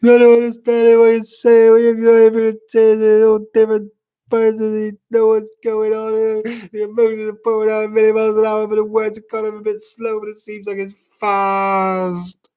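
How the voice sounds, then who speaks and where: A man doing a mocking impression of a sobbing person who talks through their tears in a high, rushed wail. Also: completely flat delivery, smooth, lo-fi sound, close to an everyday voice. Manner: high, rushed, wailing mockery.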